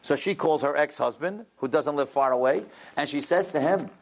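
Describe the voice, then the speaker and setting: A rabbi lecturer tells a story dramatically during a religious lecture, acting out the people in it. His creaky voice runs on the high side at a moderate pace.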